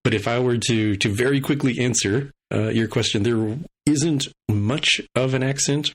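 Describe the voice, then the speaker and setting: A man from Texas and Washington State, explaining things in a measured way during casual podcast chat. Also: mid-range voice. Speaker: podcast co-host.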